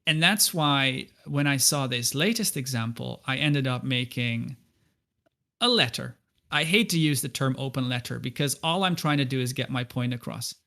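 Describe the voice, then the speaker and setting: A man's voice: mid-range voice, expressive, normal speed, vocal fry, sharp tone. A man talking as a guest on a podcast. He speaks earnestly in a casual conversational way and often stumbles and repeats words as he restarts.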